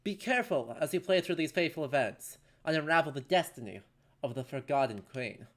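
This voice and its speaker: A streamer voicing a stately English gentleman narrator, reading game text slowly and gravely in an English accent. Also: medium pitch, lively intonation, voice pushed down, natural voice. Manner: slow, grave, formal warnings.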